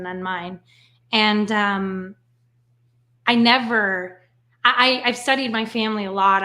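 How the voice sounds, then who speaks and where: A woman from Switzerland whose first language is French, telling stories in a casual interview, often adding "right?" and "like". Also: mid-range voice. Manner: animated storyteller, frequent "right?" and "like". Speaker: podcast guest.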